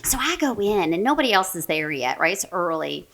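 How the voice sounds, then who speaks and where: A woman in her forties, a therapist and podcast guest, telling a story in a lively, animated way, full of "like" and "right?". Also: fairly low pitch, fairly quick, creaky. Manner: animated, many fillers like "right?" and "like". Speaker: mental health therapist, guest. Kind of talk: casual storytelling in a podcast interview.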